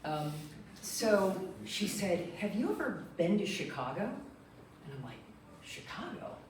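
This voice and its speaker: A middle-aged woman from Michigan tells a personal story to a meeting group, animated and chatty, slipping into the voices of the people she quotes. She stands some way off the microphone, and the room around her is strongly echoey with a faint hum of noise. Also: on the low side, takes it slowly. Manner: lively, animated, acts out quotes. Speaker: guest speaker. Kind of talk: storytelling talk. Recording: echoey room, distant mic.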